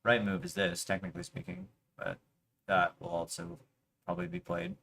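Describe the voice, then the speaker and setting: A man's voice: fairly high pitch, very animated, normal speed, vocal fry, fairly bright tone, slight background noise. A man streaming his workday who mutters to himself in half-finished phrases and pleads aloud with an online chess opponent. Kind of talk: casual livestream commentary.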